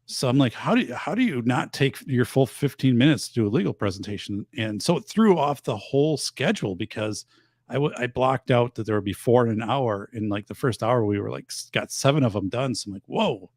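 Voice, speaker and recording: Give me a lively, gravelly man in his fifties. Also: medium pitch, fairly quick, dry recording, clean studio sound. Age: 50s. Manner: animated rambling storyteller. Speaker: show host and teacher. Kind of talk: casual chat.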